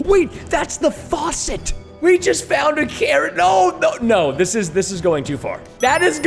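An excitable man hosting a let's play, joking and laughing as he goes, with a very animated pitch that leaps around. A soft music bed plays faintly behind his voice. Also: creaky. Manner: excitable, jokey, prone to laughing. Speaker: gaming video host.

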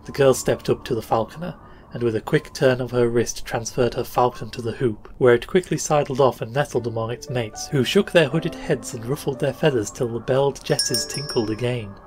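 A male podcast narrator telling an old tale in a steady, measured reading. His voice sits in an ordinary middle register. Soft music plays faintly beneath him. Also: medium pitch. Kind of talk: scripted storytelling narration. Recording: faint music bed under voice.

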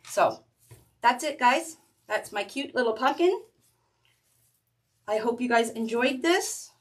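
A woman's voice: on the high side, lively intonation, slow. Chatty woman demonstrating a craft. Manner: chatty and rambling, restarts sentences while working with her hands. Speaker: craft tutorial host. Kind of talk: casual step-by-step craft demonstration.

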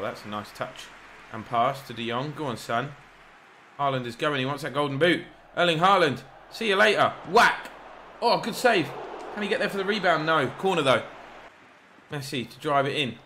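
A gaming YouTuber, a young man with a medium-pitched voice, gives excitable, rambling live commentary over a football video game. He shouts encouragement at the players and jokes at his own expense, with a noisy background.

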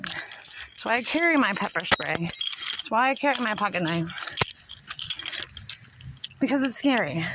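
Young woman from ohio rambling into her phone on a walk, bit breathless, loud street noise. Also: mid-range voice. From Ohio, United States. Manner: rambling, repeats herself, worried. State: slightly out of breath from walking. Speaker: vlogger. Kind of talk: casual walking vlog chat. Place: outdoors on a neighborhood street. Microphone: phone held while walking.

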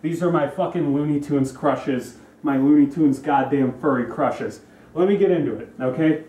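A man's voice: a little high, moderate pace, warm tone, echoey room, recorded from a distance. A young man delivering a profane, rambling comedy rant, repeating himself to hammer points. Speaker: comedy vlogger.

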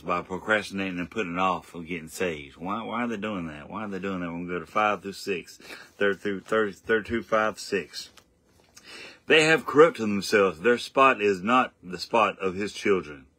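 A young man preaching an informal home sermon, earnest and repetitive, often stumbling and restarting, rising louder when he reads scripture. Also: deep voice, normal speed, no room sound. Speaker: lay preacher.

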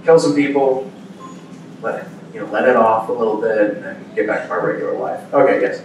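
A man's voice: lowish voice, fairly quick, muffled recording, slight background noise. Man telling stories in echoey hall. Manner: animated storyteller, acts out quoted exclamations. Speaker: voice actor guest at a convention panel. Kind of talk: casual storytelling Q&A. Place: large convention hall. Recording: echoey hall audio from far off.

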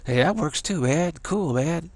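A man voicing a carefree young male skateboarder who pitches, with an easygoing slacker drawl. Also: expressive, unhurried.

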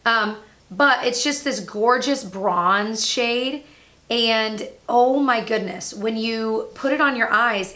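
A young woman chatting casually and quickly in a beauty review vlog, bubbly and a little out of breath. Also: a little high, bright, forceful tone. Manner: bubbly, chatty, talks fast and laughs at herself. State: slightly out of breath. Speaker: beauty vlogger. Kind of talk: casual chat, product review.

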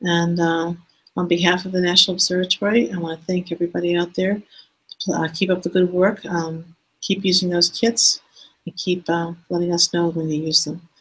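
A woman hosting an online teaching hangout over a video call, speaking in a hesitant, halting way and slowing down to spell out details. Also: on the low side, level tone, breathy edge, low-quality recording. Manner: hesitant, halting speech that slows down to spell things out. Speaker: host of an online teaching session.

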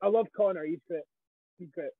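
Husky high-voiced Scottish man on a tinny line. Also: fairly quick, no echo. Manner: animated, swears freely, quotes others. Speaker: wrestling guest. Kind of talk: casual storytelling interview.

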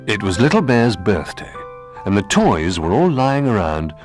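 Expressive man reading a children's story. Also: lowish voice, normal speed, over loud music. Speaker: narrator.

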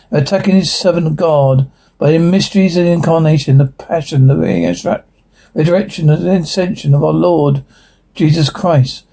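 A man's voice: a little high, creaky, mellow. A man reading as a solemn exorcist priest. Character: stern male exorcist priest praying. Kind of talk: dramatic reading of a transcript.

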